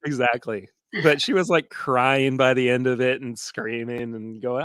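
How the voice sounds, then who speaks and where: A man's voice: mid-range voice, a little slow, fairly bright tone, no echo. A man co-hosting a casual podcast livestream, telling stories with easy laughs. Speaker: podcast co-host.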